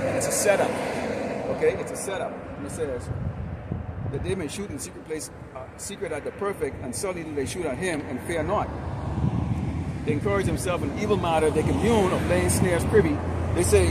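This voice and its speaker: A man preaching a fiery street sermon outdoors, loud and confrontational, hurling crude insults at his listeners. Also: a little high, a little fast. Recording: loud traffic noise outdoors. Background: loud traffic.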